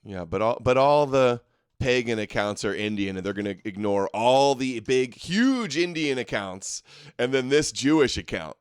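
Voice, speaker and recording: Male host, live commentary; mocking and combative, smooth resonant voice, dry close mic. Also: mid-range voice, animated, normal speed, dry recording.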